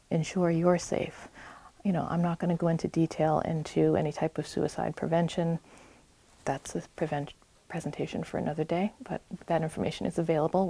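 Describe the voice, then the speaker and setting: Earnest, reassuring woman presenter with a low voice. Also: creaky, dark tone. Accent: New England. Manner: earnest, reassuring, gives direct advice. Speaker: community health presenter. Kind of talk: public talk to an audience. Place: public library meeting room.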